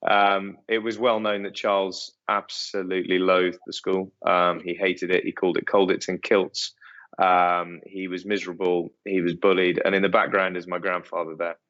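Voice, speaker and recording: A man's voice: deep voice, level tone, normal speed, a bit bright. A middle-aged man who owns an estate, answering interview questions in a hesitant way with many ums and restarts. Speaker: estate owner, interview guest. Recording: dull lo-fi sound.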